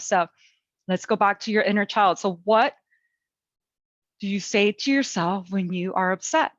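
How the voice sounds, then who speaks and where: A middle-aged woman teaching a parenting webinar, gentle and coaching in tone, talking through calm self-talk. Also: medium pitch, no echo, dull audio. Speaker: parent educator.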